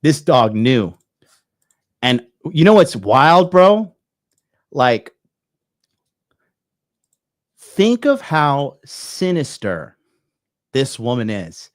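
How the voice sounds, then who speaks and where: A man hosting a reaction commentary show, talking in a slangy, animated way with lots of swearing and laughing. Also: mid-range voice, extremely slow, long pauses, dry recording, studio quality. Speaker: dating commentary host.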